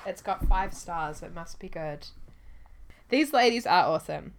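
Lively giggly young woman podcast co-host. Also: on the low side, measured pace, a little hiss or hum. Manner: giggly, reads listener reviews aloud. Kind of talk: casual chat.

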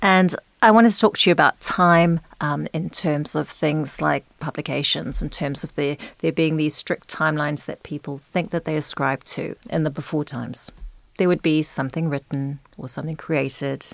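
A woman podcast host sets up long, measured questions for her guest. Her voice is low for a woman and comes across dry and close, with almost no room sound. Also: fairly even intonation, vocal fry, no echo. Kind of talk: interview questions.

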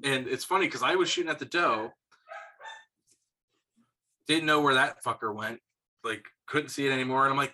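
Bright-voiced young man telling stories. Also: mid-range voice, moderate pace, husky. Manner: swearing freely, animated when quoting others. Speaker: podcast co-host. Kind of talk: casual storytelling chat.

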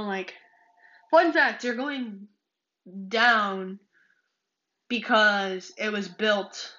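A woman's voice: a little high, sharp tone, echoey room, dull audio. A woman from California hosting a casual solo podcast, rambling with many fillers and restarts. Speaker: podcast host.

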